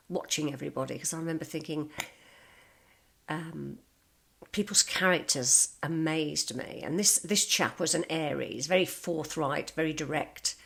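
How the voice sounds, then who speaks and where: A woman's voice: deep voice, a bit bright. An older woman telling stories about her working life in a chatty monologue, acting out the people she quotes. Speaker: vlogger. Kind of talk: casual storytelling monologue.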